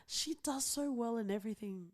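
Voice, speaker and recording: This co-host speaks at normal speed in a slightly high, slightly mellow voice. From outside the US, she keeps the podcast conversation casual, sprinkling in fillers and giggles.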